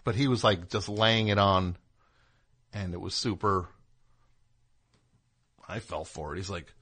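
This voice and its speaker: Male radio host, low voice, forceful bright tone, rambling comedic chat. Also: steady tone, measured pace, long pauses, breathy edge. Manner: digressive, chatty, plugs music between jokes.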